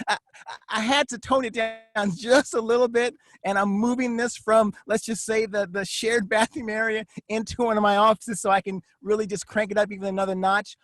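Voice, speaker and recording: A man giving a motivational vlog monologue as a network marketing coach, emphatic and repetitive, dropping to a low confiding tone for asides. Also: flat delivery, moderate pace, fairly bright tone, dry recording. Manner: emphatic, repetitive, preacher-like cadence.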